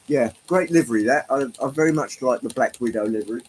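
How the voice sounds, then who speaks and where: A man's voice: mid-range voice, fast, slight background noise, rough recording. A man hosting a casual livestream, chatting to viewers in a rambling, hesitant way with frequent ums, from Britain. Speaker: livestream host. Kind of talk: casual chat with live chat viewers.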